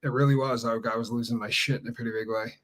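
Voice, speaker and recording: A man's voice: mid-range voice, steady tone, fast talker, fairly bright tone. A man co-hosting a casual livestream chat, speaking in a blunt, matter-of-fact way. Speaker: livestream co-host.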